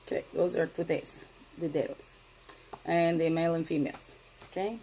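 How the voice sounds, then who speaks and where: A middle-aged woman giving a casual daily spiritual card reading, talking in a gentle, meandering way and often asking "right?". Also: sits low, fairly even intonation, normal speed, a little hiss or hum, low-quality recording.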